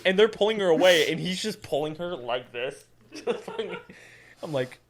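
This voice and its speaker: A man's voice: a little high, normal speed. A young man co-hosting a podcast, retelling crude stories in casual banter with plenty of swearing and laughter. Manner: animated storytelling with laughs and swearing. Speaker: podcast co-host.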